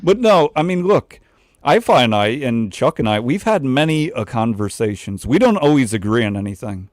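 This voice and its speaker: A man hosting a casual livestream chat, loose and joking, talking in quick bursts. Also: mid-range voice, very animated, no room sound, studio quality. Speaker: livestream host.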